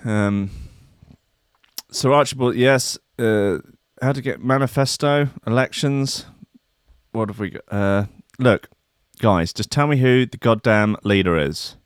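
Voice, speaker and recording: A man's voice: on the low side, unhurried, clear, resonant tone, no echo, clean studio sound. A man hosting a radio show, chatting casually and reading aloud with lots of hesitation. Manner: rambling, hesitant with many fillers.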